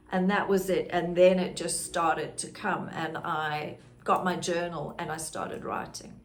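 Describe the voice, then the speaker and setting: Speaking a little slowly with hardly any pauses, a South African podcast host and grief guide in middle age shares her personal story candidly and reflectively. Her voice is lowish with a level tone.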